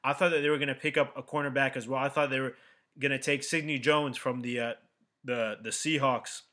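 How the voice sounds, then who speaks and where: Guy hosting a sports podcast, bright voice, loose and rambly, restarts a lot. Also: medium pitch. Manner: relaxed, rambling analysis with many restarts. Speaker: podcast host. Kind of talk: casual sports chat.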